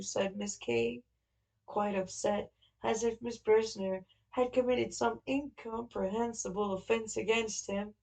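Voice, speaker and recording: A woman narrating a classic novel in a steady, even storytelling manner. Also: medium pitch, measured pace, gravelly, rough recording. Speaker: audiobook narrator.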